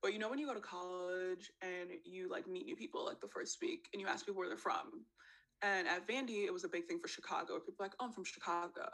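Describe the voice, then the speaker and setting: A young woman from New York City, hosting a casual chat over a video call and telling animated stories. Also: lowish voice, fast. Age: young adult. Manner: animated storytelling, acting out quotes, frequent "like". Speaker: podcast host.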